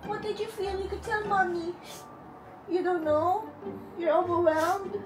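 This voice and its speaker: A woman, a mother, talking with her child in a casual family vlog, first playful, then gentle and apologetic. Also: very high-pitched, fairly even intonation, measured pace, over music. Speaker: vlogger mother.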